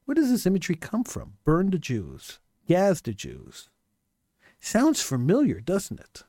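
A man's voice: high-pitched, huge pitch swings, unhurried, warm tone, dry recording, clean studio sound. Impassioned man asking rhetorical questions. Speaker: commentator. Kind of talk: monologue commentary.

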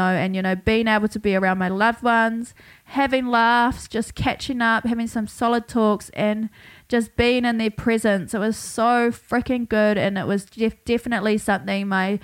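A woman's voice: mid-range voice, clear, resonant tone. A young woman with a New Zealand accent hosting her own podcast, telling a story in a chatty, laugh-filled way with plenty of swearing. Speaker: podcast host. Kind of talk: casual storytelling monologue.

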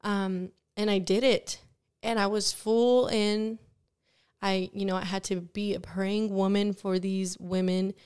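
A young woman hosting a Christian podcast, telling her personal testimony in an earnest, animated way with frequent laughs. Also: mid-range voice, a little slow, clean tone. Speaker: podcast host.

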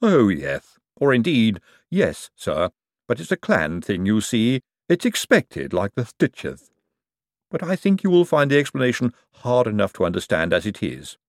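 A man voicing a calm, polite male servant who answers in a measured, deferential way. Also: medium pitch, no echo, studio quality.

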